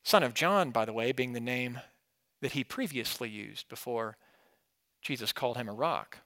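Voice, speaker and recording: A pastor delivers an expository sermon conversationally, putting questions to his listeners and moving between emphatic and quiet moments. His pitch is medium and his speed normal.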